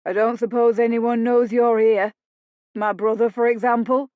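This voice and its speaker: A woman's voice: medium pitch, unhurried, gravelly, no room sound. A woman reading an audiobook, voicing a mocking, sardonic roguish man with a drawling sarcasm. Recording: dull dry lo-fi studio read.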